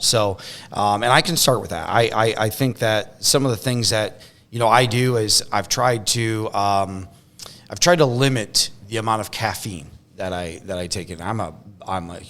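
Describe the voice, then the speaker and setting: A man's voice: on the low side, a bit bright. A man hosting a podcast, talking casually and rambling, with lots of restarts and fillers. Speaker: podcast host. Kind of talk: casual conversation.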